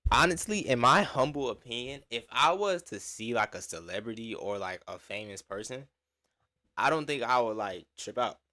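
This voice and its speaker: A man's voice: medium pitch, expressive, moderate pace, bright, forceful tone. A man reacting to a video in casual, slangy and profane chat, full of fillers.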